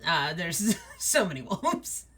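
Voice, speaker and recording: A woman running a tabletop game, talking slowly in a bright tone. She narrates casually, with plenty of ums and likes. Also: lowish voice, very animated, slightly rough. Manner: casual, many fillers. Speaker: game master.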